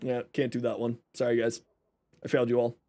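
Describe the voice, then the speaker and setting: A man's voice: mid-range voice, monotone, brisk, dark tone. A young man streaming a game, chatting casually with viewers, joking and explaining his build. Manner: chatty, jokey, reads chat aloud and explains builds. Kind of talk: casual live stream chat.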